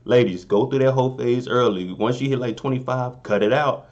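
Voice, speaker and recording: A young man casually recapping a TV episode in a relaxed, joking way, often asking "you know what I'm saying". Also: mid-range voice, brisk, muffled recording. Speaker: recap vlogger.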